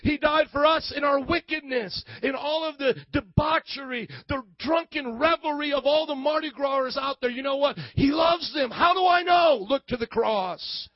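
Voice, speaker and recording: A man with a very high voice delivers a sermon as a pastor, calling on the congregation to answer back and often breaking into a shout. The sound is dry and close, with a dull, lo-fi quality. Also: moderate pace, few pauses, no echo. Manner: preaching with call-and-response, often shouting.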